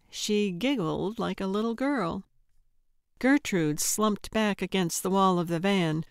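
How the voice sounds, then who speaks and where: Slow-reading woman audiobook narrator. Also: mid-range voice, lively intonation, smooth, no echo, clean studio sound. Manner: measured, unhurried storytelling. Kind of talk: scripted narration.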